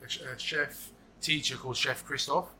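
A man from Egypt, a chef guesting on a podcast, teasing and quick-witted in casual chat. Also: mid-range voice, steady tone, bright, forceful tone, a little hiss or hum.

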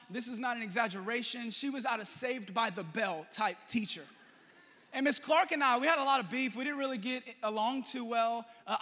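A young male pastor telling a story in a lively, joking sermon to his church. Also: very high-pitched. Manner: animated, jokey, talks to the congregation. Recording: long hall reverb.

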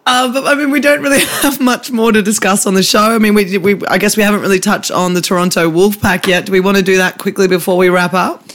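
Brief: high-pitched australian bloke, self-mocking sports-podcast storyteller. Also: male voice, fairly even intonation, fast talker, hardly any pauses, a bit bright. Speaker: podcast co-host. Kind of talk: casual banter, storytelling.

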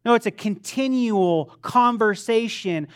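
A man's voice: high voice, a little slow, clean tone. A man preaching a sermon as a pastor. He talks conversationally, makes self-deprecating remarks, often restarts his sentences, and quizzes the congregation. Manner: asks the congregation questions.

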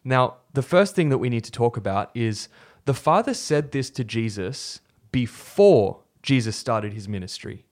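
A man co-hosting a faith podcast, retelling a story from scripture in a relaxed, conversational way with fillers and restarts. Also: medium pitch, unhurried, few pauses. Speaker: podcast co-host.

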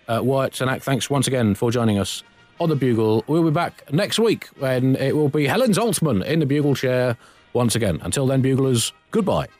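Lively comedy podcast host. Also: male voice, medium pitch, moderate pace, soft background music. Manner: wry, mock-grand, playful. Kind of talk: comic storytelling and sign-off.

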